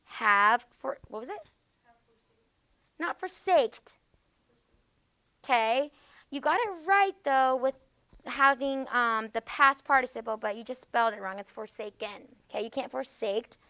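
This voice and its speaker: A woman teacher with a fairly high, bright, forceful voice walks students through grammar. She is patient and explanatory, and she keeps checking their understanding with a quick "okay?". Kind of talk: classroom grammar lesson.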